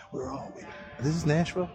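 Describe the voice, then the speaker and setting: A man vlogging on a tourist outing while high, talking in a giggly, loose, joking way. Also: moderate pace, over music. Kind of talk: casual vlog.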